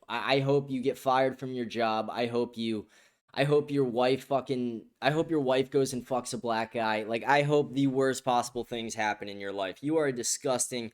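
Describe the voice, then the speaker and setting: A man's voice: medium pitch, normal speed. A young man hosting a livestream podcast, reading chat comments aloud in a blunt, profane, casual way and laughing often. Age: young adult.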